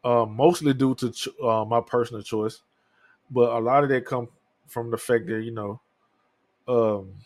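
A man's voice: medium pitch, fairly even intonation, a little slow, darkish tone, dry recording. Candid, profane man in his thirties. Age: 30s. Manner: candid, profane, rambling storytelling. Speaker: podcast host. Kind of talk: casual solo talk.

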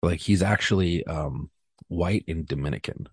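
A man, a police officer, telling a story in casual podcast talk, profane and animated, acting out what people said. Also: low voice, normal speed, husky, no echo, studio quality. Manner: profane, animated, acts out quotes.

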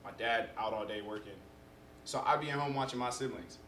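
A young man in casual conversation as a podcast guest, telling stories in an animated way and acting out what people said. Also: medium pitch, a little fast, a little hiss or hum. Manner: animated storyteller who acts out quotes. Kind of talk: casual chat. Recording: roomy echo.

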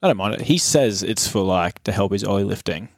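A young man co-hosting a fitness podcast in a relaxed, joking way, laughing often. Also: on the low side, a little fast, creaky, no room sound, studio quality. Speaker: podcast co-host, fitness coach. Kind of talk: casual chat.

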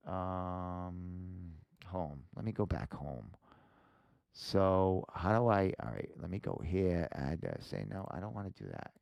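A man's voice: sits low, expressive, slow, vocal fry, a little mellow, no room sound. A man hosting a podcast, casually walking viewers through a website while thinking aloud, full of fillers and frequent swearing. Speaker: podcast host. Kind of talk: casual livestream screen walkthrough.

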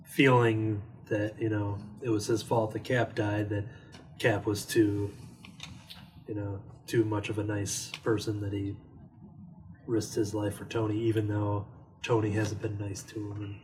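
A man's voice: on the low side, little pitch movement, measured pace, a little mellow. Rambling man in casual movie chat. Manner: rambling, heavy on "like" fillers. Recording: distant mic with faint noise.

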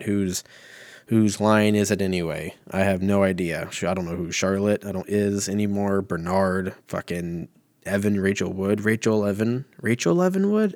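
A man in his thirties talks through a solo podcast from home in a lowish voice, rambling loosely and swearing freely while poking fun at himself. The recording is dry and close. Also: no room sound. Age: 30s. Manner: profane, rambling and self-mocking. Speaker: podcast host.

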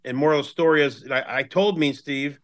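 A man's voice: fairly high pitch, fast talker. A man in his fifties from Cleveland, a guest on a podcast, telling stories bluntly with a lot of swearing. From Cleveland, USA. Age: 50s. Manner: blunt and heavily profane storytelling. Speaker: guest, hardcore band member. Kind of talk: casual podcast chat.

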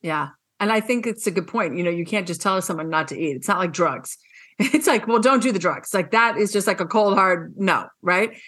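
A woman hosting an interview in a casual, chatty way. She is animated and emphatic and swears frankly. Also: fairly low pitch, moderate pace. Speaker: podcast host.

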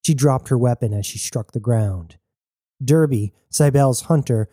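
A man reading a science fiction story aloud as a narrator, in an even storytelling manner. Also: mid-range voice, unhurried, no echo, studio quality. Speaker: audiobook narrator. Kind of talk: scripted narration.

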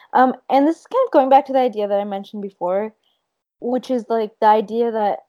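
Mellow-voiced woman co-hosting a chat. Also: medium pitch. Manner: halting, thinks aloud with many fillers. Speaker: podcast co-host. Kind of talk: casual chat.

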